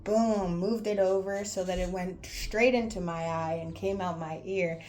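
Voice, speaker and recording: A woman's voice: lowish voice, steady tone, a little slow, darkish tone. A young woman telling her own story candidly, blunt and profane, rambling with lots of fillers. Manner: rambling, with many fillers like "like" and "anywho".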